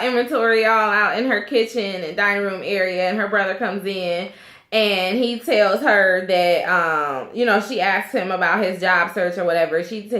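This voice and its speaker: A woman's voice: mid-range voice, a bit bright, roomy sound. A woman casually recapping a reality TV episode, candid and profane, often laughing. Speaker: reality TV reviewer.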